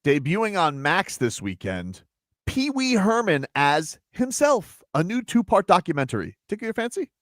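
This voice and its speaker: A man's voice: high-pitched, big pitch swings, normal speed, fairly bright tone, no room sound, clean studio sound. A man hosting a radio show in casual chat, easygoing and wry, reading items aloud. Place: radio studio.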